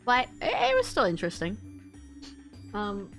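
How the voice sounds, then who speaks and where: A woman's voice: medium pitch, huge pitch swings, moderate pace, a bit bright, faint music behind. A woman game streamer chatting casually, reacting aloud and laughing while she plays. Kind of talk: casual gameplay commentary.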